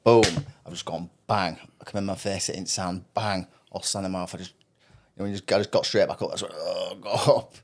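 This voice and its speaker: A man's voice: low voice, steady tone, quick pace. A man, co-hosting a podcast and telling a laid-back, rambling story in casual chat. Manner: rambling, laid-back storytelling, frequent 'you know what I mean'. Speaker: podcast co-host.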